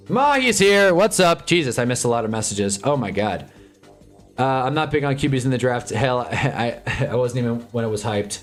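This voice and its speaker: A man hosting a live stream, chatting casually and sarcastically in a rambling, animated way, reading chat and reacting as he goes. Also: mid-range voice. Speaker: livestream host.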